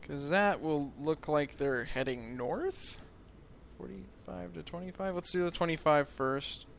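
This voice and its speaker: A man's voice: fairly high pitch, animated, unhurried, a little hiss or hum. A man from the United States giving casual let's play commentary, thinking aloud in a rambling, self-mocking way.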